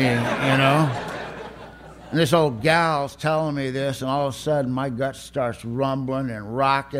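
Blunt streetwise man telling his story. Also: mid-range voice. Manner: blunt, streetwise, laughing often. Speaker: speaker at a recovery meeting. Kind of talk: personal testimony to an audience.

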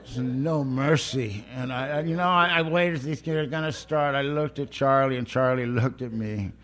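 A man's voice: medium pitch, normal speed, fairly bright tone, smooth. A middle-aged man, telling his own story at a recovery meeting in a raw, plain-spoken way. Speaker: recovery speaker.

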